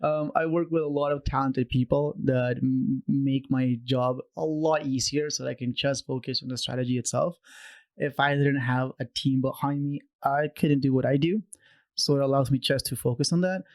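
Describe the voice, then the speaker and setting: A man, a podcast guest, telling stories in a conversational way, animated and acting out quoted voices, with many restarts. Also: mid-range voice, moderate pace. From Canada. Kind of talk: conversational storytelling.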